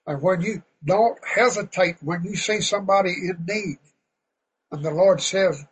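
A man preaching a sermon in a folksy, fervent way, now and then getting loud. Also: sits high, measured pace, a little hiss or hum, rough recording.

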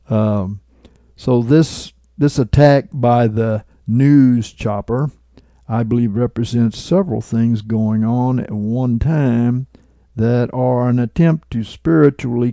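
A man's voice: mid-range voice, fairly even intonation, slow, creaky, dark tone, dry recording, studio quality. A man preaching informally as he retells a dream and explains it, checking in with listeners and chuckling at his own remarks. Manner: conversational, checks in with listeners with "right?" and "okay?".

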